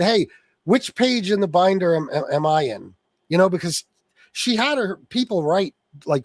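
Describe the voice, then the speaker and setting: A man with a fairly high, darkish voice hosts a political livestream, reading chat and angrily ranting at viewers with heavy swearing. He is of Sicilian heritage, and the recording has no echo.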